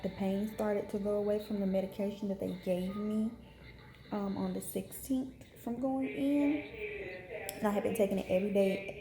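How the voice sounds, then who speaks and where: Chatty young woman, flat mellow voice. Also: medium pitch, reverberant, slight background noise. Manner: frank, chatty, many fillers. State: unwell, in pain. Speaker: vlogger. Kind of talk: casual storytelling to camera. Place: hospital room.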